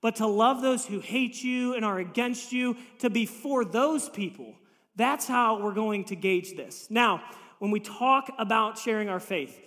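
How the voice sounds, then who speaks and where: A man's voice: high voice, a little slow, fairly bright tone, big-room sound. A man preaching a sermon as pastor, telling humorous stories and acting out the voices he quotes. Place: church sanctuary.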